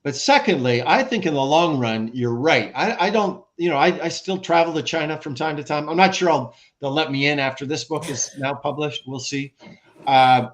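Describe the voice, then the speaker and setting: Animated American man, talkative guest. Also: fairly high pitch, moderate pace. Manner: animated, lists examples, frequent restarts. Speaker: guest, former ambassador and author. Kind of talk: conversational podcast interview.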